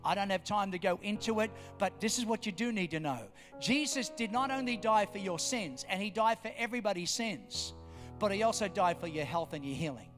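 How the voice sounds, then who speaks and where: A man's voice: sits high, a little fast, a bit bright. A man preaching a sermon, emphatic and repetitive, firing questions at his congregation. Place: church hall. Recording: long hall reverb, faint music.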